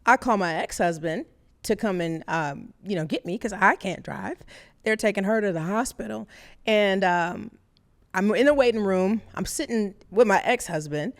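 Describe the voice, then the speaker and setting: She talks like a guest in casual conversation, candid and chatty, often laughing at her own story. Her voice sits at an ordinary middle pitch for a woman. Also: normal speed. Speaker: radio host appearing as podcast guest.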